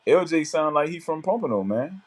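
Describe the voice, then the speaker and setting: A man's voice: fairly high pitch, animated, brisk, slightly rough. A man with a South Florida accent chatting casually, repeating himself as he searches for words. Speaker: co-host. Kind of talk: casual chat.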